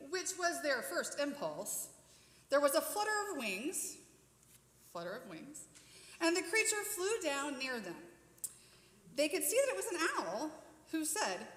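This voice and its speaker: A woman narrates a children's story at a church service with a lively, expressive delivery. Her voice sits a bit high and moves a lot. The sound is roomy, with long reverb from the church hall. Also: measured pace, pauses often. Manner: warm, expressive storytelling, inviting volunteers. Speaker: worship storyteller. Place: church sanctuary.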